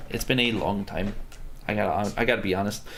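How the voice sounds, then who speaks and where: A man's voice: fairly low pitch, steady tone, fairly quick. Rambling, swearing man on a livestream. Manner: rambling, profane, many fillers and restarts; playful, trying out foreign words. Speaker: livestream host. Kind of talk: casual livestream chat answering viewers.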